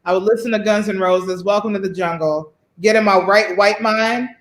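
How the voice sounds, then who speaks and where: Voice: medium pitch, fairly even intonation, normal speed, fairly bright tone. A podcast co-host in casual chat, blunt, sardonic and profane, laughing now and then. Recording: roomy echo.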